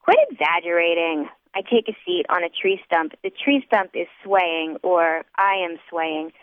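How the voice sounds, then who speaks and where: A woman's voice: lowish voice, measured pace, no echo. Woman reading an audiobook, thin phone-like sound. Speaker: audiobook narrator. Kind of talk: first-person audiobook narration. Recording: dry, tinny phone-like sound.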